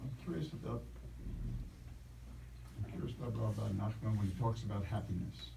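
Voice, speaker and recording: A man's voice: fairly low pitch, moderate pace, vocal fry, noisy background. A man in the audience asks a question, musing and searching for his words. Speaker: audience member asking a question. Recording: distant voice in an echoey room.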